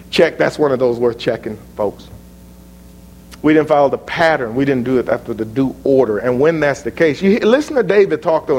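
High-voiced preacher with emphatic swings. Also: male voice. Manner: emphatic, swings from low asides to near-shouting peaks; cites scripture chapter and verse. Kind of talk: sermon.

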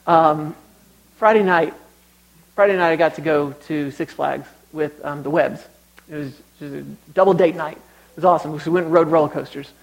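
A man's voice: on the high side, normal speed, vocal fry, poor audio. A young man preaching a sermon, telling stories conversationally and building to emphatic exhortation.

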